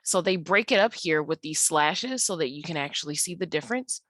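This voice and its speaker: A woman's voice: low voice, expressive, a little fast, fairly bright tone, no echo. A woman teacher patiently explaining slides in an online tutorial, with frequent ums and uhs. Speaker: English teacher.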